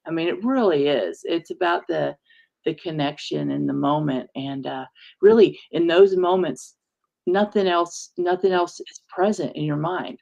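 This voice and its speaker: A woman guest, a reverend and singer, speaking reflectively and from the heart, with many small pauses. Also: sits low, vocal fry, dark tone, muffled recording. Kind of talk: casual conversation.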